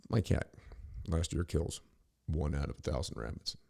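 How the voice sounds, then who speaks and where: A man's voice: very deep voice, normal speed, gravelly, warm tone. A middle-aged man hosting a podcast, ranting in a rambling, profane, sarcastic monologue full of restarts. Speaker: podcast host.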